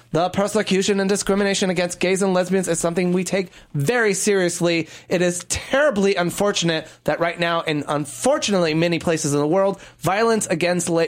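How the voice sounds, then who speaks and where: A man's voice: sits high, close to an everyday voice. A man imitating a woman politician giving a formal speech in a mock-solemn manner.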